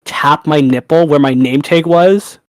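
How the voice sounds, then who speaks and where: A young man co-hosting a podcast in casual chat, animated, laughing and swearing freely. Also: fairly high pitch, unhurried, no room sound. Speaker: podcast co-host.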